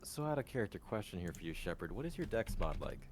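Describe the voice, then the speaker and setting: Brief: very deep, animated male player, wry, with music and typing behind. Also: fast talker, vocal fry, a little hiss or hum. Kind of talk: tabletop game chat.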